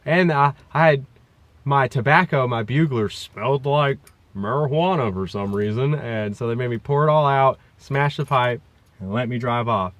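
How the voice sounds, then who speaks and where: A man's voice: mid-range voice, moderate pace, fairly bright tone, dry recording. A man telling a rambling, profane story in a casual vlog, recorded on a phone in a car. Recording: dull lo-fi phone audio, traffic noise.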